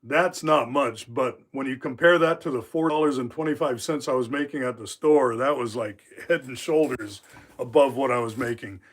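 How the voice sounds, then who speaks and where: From his knife workshop, an Alaskan livestream host in his fifties spins meandering, laid-back stories loaded with filler words. He speaks in a mid-range voice at a moderate pace.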